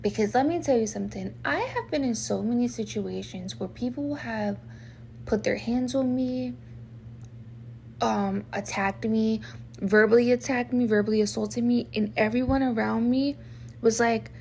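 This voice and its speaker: Frank woman with a gravelly voice. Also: fairly high pitch, moderate pace, slight background noise. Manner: venting, emphatic, frank. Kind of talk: candid personal storytelling.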